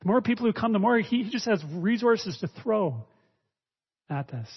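A male preacher teaching a sermon, expressive, swinging between raised emphasis and quiet asides. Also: high voice, normal speed, vocal fry, breathy edge. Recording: dull lo-fi audio with long reverb.

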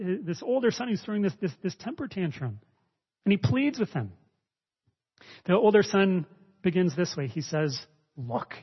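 A male preacher teaching a sermon, expressive, swinging between raised emphasis and quiet asides. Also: sits high, breathy edge. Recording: dull lo-fi audio with long reverb.

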